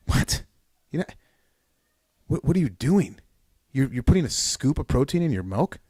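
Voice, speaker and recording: A man hosting a podcast, giving a fired-up motivational talk, piling up repeated calls in loud bursts. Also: mid-range voice, very animated, brisk, no room sound, studio quality. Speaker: podcast host. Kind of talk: solo podcast pep talk.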